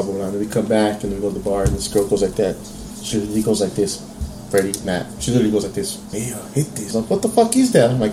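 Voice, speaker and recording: Animated storytelling man, echoey room. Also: lowish voice, background noise. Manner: animated, profane, acts out quotes. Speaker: podcast co-host. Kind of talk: casual storytelling chat.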